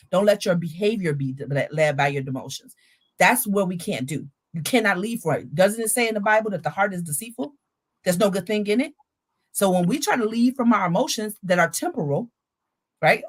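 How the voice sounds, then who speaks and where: A woman hosting a casual faith-based talk on emotional health, earnest and preacherly, repeating her points for emphasis. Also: fairly low pitch. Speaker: podcast host.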